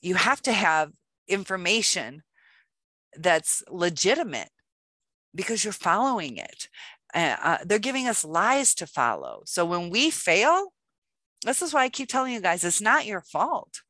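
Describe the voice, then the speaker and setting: A woman's voice: mid-range voice, big pitch swings, a little slow, pushed and bright, no room sound. A woman hosting a self-help video, talking casually to camera with lots of fillers and acting out small quoted exchanges. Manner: loose and chatty, many fillers, acts out little quoted exchanges.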